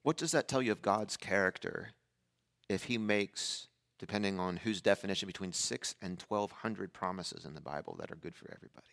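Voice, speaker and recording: A man preaching a sermon as a pastor, telling a family story in a casual, conversational way and acting out the dialogue with lively energy. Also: deep voice, a little fast, creaky. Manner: animated storyteller who acts out dialogue.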